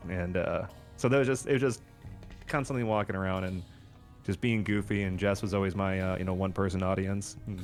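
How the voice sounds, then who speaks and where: A man in casual chat about tabletop role-playing, talking in an animated way and slipping into character voices. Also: deep voice, brisk, faint music behind. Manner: animated, slips into character voices mid-sentence. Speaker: podcast co-host and tabletop player.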